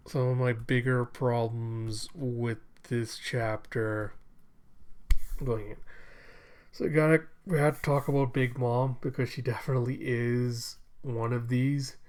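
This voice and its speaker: A young man rambles through his manga chapter review, leaning on fillers and loose asides. His voice sits at an everyday middle pitch. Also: a little mellow.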